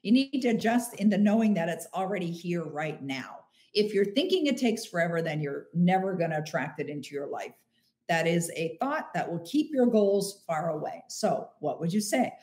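A middle-aged woman hosting a motivational live stream, answering listener questions warmly and slowing down to stress key phrases. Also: lowish voice, animated. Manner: warm, emphatic, slows down on key phrases.

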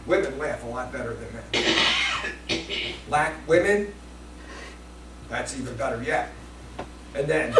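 Guy pastor preaching, high voice, goes loud then real quiet, faint hiss in the room. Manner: dramatic, swings from loud to hushed. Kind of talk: sermon. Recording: echoey room from a distance.

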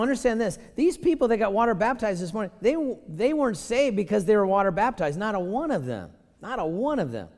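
Animated preaching man in a reverberant hall. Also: fairly high pitch. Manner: animated, acts out quoted voices and jokes. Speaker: pastor. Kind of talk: sermon. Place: church sanctuary.

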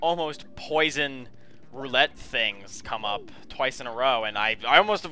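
A man's voice: mid-range voice, lively intonation, unhurried, bright, forceful tone. A man giving chatty video game commentary, often calling viewers his friends and apologizing for what he says. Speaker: let's play host.

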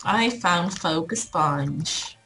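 A woman's voice: lowish voice, lively intonation, very slow, fairly bright tone, faint music behind, poor audio. A woman chatting during a video game playthrough, teasing her friend with dry sarcasm. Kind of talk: casual gaming chat.

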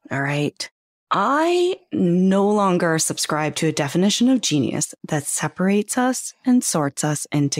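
In clean studio sound with no room echo, a low-voiced woman hosts a reflective podcast monologue. She talks earnestly and conversationally, posing rhetorical questions to the listener.

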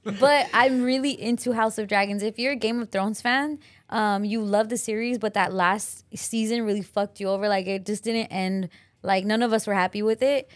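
A woman co-hosting a casual podcast, chatty and relaxed, laughing often and swearing casually. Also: mid-range voice, normal speed. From Los Angeles. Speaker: podcast co-host. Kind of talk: casual chat.

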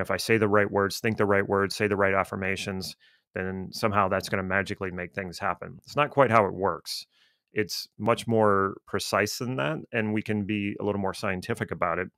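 Male coach, conversational explainer, gravelly low voice, dry close sound. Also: a bit bright, dry recording. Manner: conversational, reflective, with frequent restarts. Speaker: coach and teacher. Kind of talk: explanatory talk to viewers.

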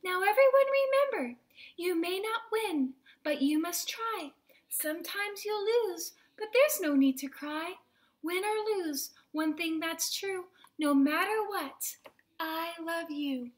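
An excited, bossy little girl from a children's storybook, as a woman reads her aloud. The voice jumps high and bounces eagerly between notes. She sounds like a young friend rallying everyone to a game. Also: takes it slowly, heavily acted. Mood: encouraging.

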